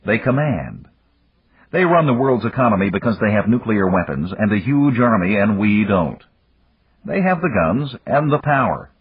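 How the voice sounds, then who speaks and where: A man's voice: lowish voice, big pitch swings, moderate pace, slightly rough, heavily acted. A man voicing a blunt, combative male industrialist in an audiobook. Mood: defiant. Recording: dull lo-fi audiobook recording.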